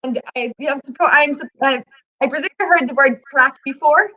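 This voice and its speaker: A woman's voice: sits high, fairly quick, sharp tone, highs cut off. An Irish woman chatting casually as a guest, bubbly and talkative, often laughing. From Ireland. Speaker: guest travel representative. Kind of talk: casual live chat.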